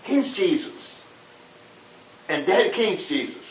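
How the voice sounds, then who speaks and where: A man's voice: sits high, slow. Older man telling stories in an echoey room. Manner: animated storyteller, dramatic quotes, many repeated words. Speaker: civil rights era minister recounting history. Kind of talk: conversational storytelling interview. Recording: echoey room, distant mic, hiss.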